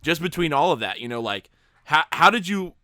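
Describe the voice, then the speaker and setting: A man's voice: a little high, sing-song, brisk, pushed and bright, dry recording, studio quality. A man hosting a podcast, chatting in an enthusiastic, slangy way. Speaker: podcast host. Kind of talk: casual podcast chat.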